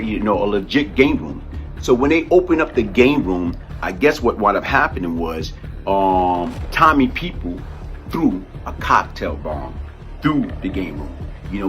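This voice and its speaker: Rambling man telling a street story. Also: lowish voice. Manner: rambling, filler-heavy, animated.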